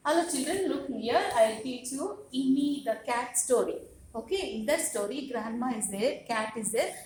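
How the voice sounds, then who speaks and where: A preschool teacher speaks to small children in a sing-song, coaxing way, repeating her questions as she teaches. Her voice is on the high side, animated and a little mellow, at a normal speed. The echoey classroom carries faint noise.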